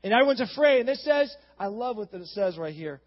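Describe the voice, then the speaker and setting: A man preaching a sermon in a church, retelling a story casually and building into animated exhortation. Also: high-pitched, fairly quick. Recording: dull sound with long hall reverb.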